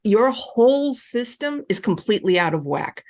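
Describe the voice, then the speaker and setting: Speaking at a normal speed, a female relationship coach gives advice to her audience in a live online Q&A. Her pitch leaps around as she hammers each point, and she stays comforting and insistent, circling back to familiar reassuring phrases.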